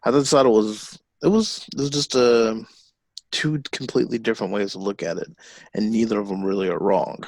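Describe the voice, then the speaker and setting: A man co-hosting a podcast, retelling comic book scenes in a lively, animated way. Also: lowish voice, brisk, dry recording. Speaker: podcast co-host. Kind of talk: casual chat about a comic.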